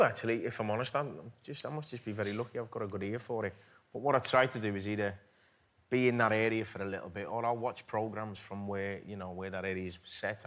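A man's voice: fairly low pitch, fairly bright tone. A man with a Liverpool accent, a guest on a TV chat show, telling stories with frequent laughs. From England. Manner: laughing storyteller, self-deprecating. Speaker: actor guest. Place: TV studio with audience.

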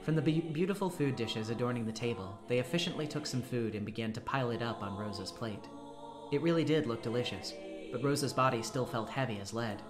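A reader narrating a visual novel aloud on a live stream, steady and unhurried with small slips. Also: mid-range voice, over music. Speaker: story reader.

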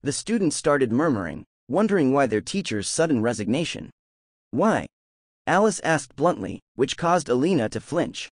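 Male narrator for a novel audiobook, lively reading, dry booth sound. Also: medium pitch, moderate pace, few pauses, no room sound.

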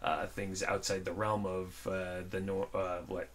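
A man hosting a casual interview, speaking haltingly with many pauses and restarts as he searches for words. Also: sits low, monotone, a bit bright. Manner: halting, full of ums and restarts. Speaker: podcast host. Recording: faint background noise.

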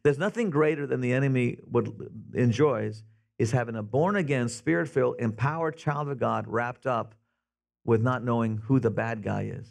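A man pastor preaching a sermon in a church, telling Bible stories with animated voices for the characters. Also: medium pitch, normal speed, gravelly. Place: church sanctuary.

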